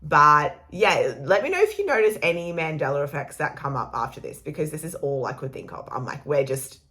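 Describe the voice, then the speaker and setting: Chatty woman, low voice. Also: fairly bright tone. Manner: chatty, rambling, laughs often, swears casually. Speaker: astrology vlogger. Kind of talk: casual spiritual vlog talk.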